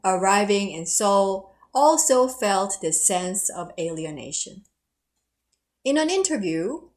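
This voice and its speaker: A middle-aged woman giving a history lecture and telling personal stories, laughing at herself now and then. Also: medium pitch. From South Korea. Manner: warm, storytelling, laughs at herself.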